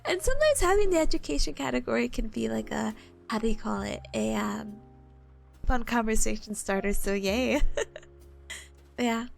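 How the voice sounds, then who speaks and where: A young woman streamer chats with her audience in a high voice that leaps all over the place. She rambles, laughs constantly and lets her feelings show, with soft music playing faintly underneath. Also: expressive, normal speed, vocal fry, pauses often. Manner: laughs often, emotional and rambling. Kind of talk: casual chat with viewers.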